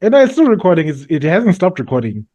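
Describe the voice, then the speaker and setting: A man's voice: high voice, quick pace. A man, co-hosting a podcast in casual chat, joking and acting out scenes. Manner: joking and animated, fond of playing out scenes. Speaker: podcast co-host.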